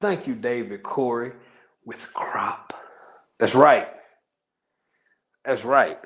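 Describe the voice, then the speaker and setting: An East Texas man with a Southern drawl hosts a casual livestream, talking loosely and greeting viewers one by one. His voice sits at an ordinary middle pitch for a man, and he rambles through slang-filled asides in a relaxed, conversational way. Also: slow. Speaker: livestream host.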